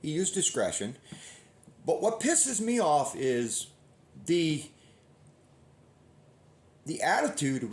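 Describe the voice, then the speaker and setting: A man's voice: on the high side, sing-song, slow, long pauses. A middle-aged man hosting a hunting channel, telling a long story in a folksy, rambling way and often restarting his sentences. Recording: roomy echo.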